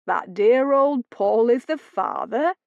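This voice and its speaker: Woman doing a smug sarcastic rogue guy, slow drawl, flat dead-dry sound. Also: medium pitch, gravelly, no room sound. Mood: sardonic. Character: sneering roguish man, mocking and sardonic. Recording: dull dry lo-fi studio read.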